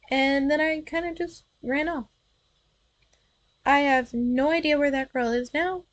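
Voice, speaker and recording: A woman's voice: high voice, moderate pace, no echo, poor audio. A young woman streamer casually telling personal stories in a chatty, playful way, correcting herself as she goes. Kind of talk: casual storytelling.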